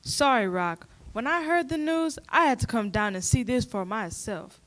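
A woman's voice: on the high side, expressive, moderate pace, fairly bright tone. A woman playing an eager, insistent female field reporter in an amateur church skit.

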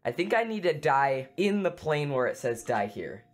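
Dude doing let's play commentary, super jumpy voice, yelps and goofy noises all the time. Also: male voice, a little high, moderate pace, faint music behind. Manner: excitable, silly sound effects, screams. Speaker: gaming YouTuber.

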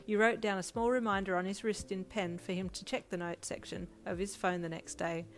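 A woman reading a second-person fanfiction story aloud in a steady, plain storytelling voice. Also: mid-range voice, a little fast. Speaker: fanfiction reader. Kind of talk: second-person audiobook narration.

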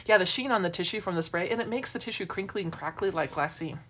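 A woman's voice: fairly low pitch, quick pace, fairly bright tone, a little hiss or hum. A middle-aged woman hosting a casual craft tutorial, chatting and wandering into asides as she works. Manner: chatty, rambling asides while working. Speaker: craft demo host.

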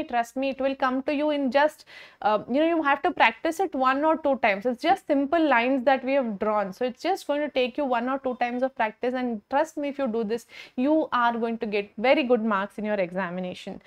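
A young woman with an Indian English accent giving an online exam-prep lecture, encouraging and repeating key points, mixing in Hindi. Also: high voice. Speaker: medical lecturer.

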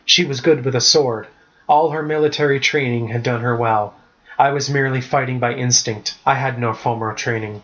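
A man reading his own story aloud as a steady, even storybook narration, in a muffled lo-fi recording. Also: mid-range voice, moderate pace. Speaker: author reading his book.

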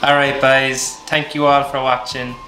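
A man's voice: medium pitch, flat delivery, a little slow, sharp tone, a little hiss or hum. An Irish man from Ireland hosting his vlog, rambling and joking in a self-mocking way. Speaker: vlogger host. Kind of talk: casual comedic vlog monologue. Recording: echoey room, faint music.

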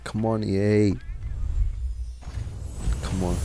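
A man's voice: on the low side, fairly even intonation, slow pace, warm tone, soft background music. A man hosting a gaming channel, giving casual commentary, frustrated and swearing as he grumbles about bad luck.

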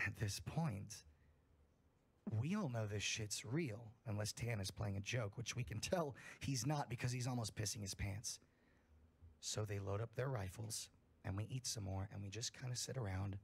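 Gravelly man telling a profane horror story. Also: fairly low pitch. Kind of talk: reading a campfire horror story aloud.

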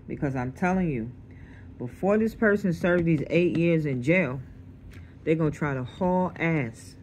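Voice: mid-range voice, expressive, unhurried, darkish tone, a little hiss or hum. A tarot reader doing a casual reading to camera, blunt and streetwise, swearing freely and checking in with the listener. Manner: checks in with the listener, repeating "okay?".

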